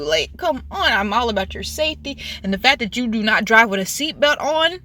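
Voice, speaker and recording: Bright-voiced woman venting on a vlog. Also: a little high, animated, fairly quick, few pauses. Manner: exasperated, swears freely, repeats herself while venting; slangy, laughs between lines. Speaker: vlogger. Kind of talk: casual storytime vlog.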